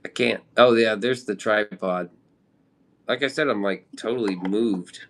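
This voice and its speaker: A man's voice: fairly low pitch, a little slow, fairly bright tone, slight background noise. A man from the Midwest chatting casually on a live stream, rambling with loose slang and casual swearing. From American Midwest.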